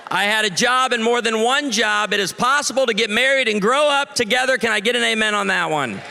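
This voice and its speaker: A man's voice: high voice, animated, fairly quick, gravelly, hardly any pauses, sharp tone. A man in his forties, a pastor doing stand-up comedy for a live audience, punchy and playful, calling for the crowd to answer. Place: large live venue. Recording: long reverb of a large venue.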